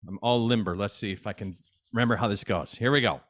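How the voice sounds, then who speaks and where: A man's voice: fairly low pitch, quick pace, a bit bright. A man teaching an at-home music lesson for children from his desk, upbeat and chatty, talking straight to young viewers.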